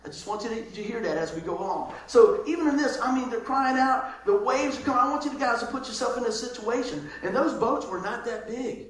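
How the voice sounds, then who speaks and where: A man preaching a sermon as pastor, lively, moving between loud calls and soft asides. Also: very high-pitched, brisk, hardly any pauses. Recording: very echoey room with faint noise.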